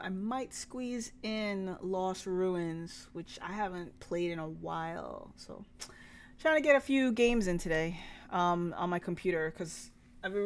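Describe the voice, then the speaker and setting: A woman streaming games, chatting casually with viewers, giggly and chatty. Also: on the low side. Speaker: game streamer. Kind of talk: casual live-stream chat.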